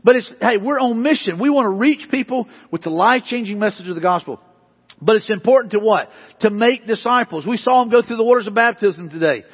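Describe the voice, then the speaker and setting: A male pastor preaching a sermon, repeating questions emphatically and building to loud, rising bursts. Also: high voice, expressive, fairly quick, slightly rough. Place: church sanctuary. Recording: dull lo-fi hall recording.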